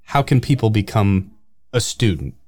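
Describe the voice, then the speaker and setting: A male podcast co-host with a fairly low voice asks questions in an interview. He backs up the guest with quick yeahs and amens. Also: expressive, darkish tone. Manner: brief affirmations, "amen", "yeah".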